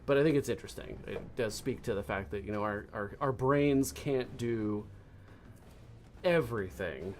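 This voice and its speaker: Chatty low-voiced gamer man. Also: normal speed, slight background noise. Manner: chatty, laughs at his own jokes. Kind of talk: casual multiplayer chat.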